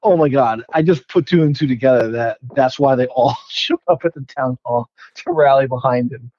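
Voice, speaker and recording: A man's voice: medium pitch, normal speed, muffled recording. A man co-hosting a podcast, recapping a movie in casual chat, laughing and mocking it while swearing often. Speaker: podcast co-host.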